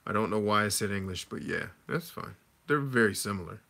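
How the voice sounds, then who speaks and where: Male livestream host, fairly low pitch with a bright, forceful tone, casual and chatty, reads chat aloud and riffs on it. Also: brisk, vocal fry. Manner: conversational, reads chat comments aloud and answers.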